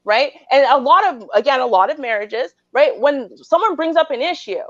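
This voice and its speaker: A woman's voice: high voice, lively intonation, normal speed, no room sound, muffled recording. A married woman host earnestly explaining her view on relationships, often checking in with "right?". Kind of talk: relationship advice debate.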